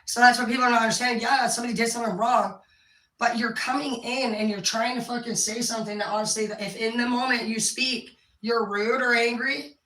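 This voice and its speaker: A woman's voice: on the high side, fairly even intonation, fairly quick, bright, forceful tone, reverberant, far from the mic, poor audio. A woman giving candid, profane advice in a casual monologue, acting out other people's lines. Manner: candid and profane, acts out quoted voices. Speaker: speaker giving life advice.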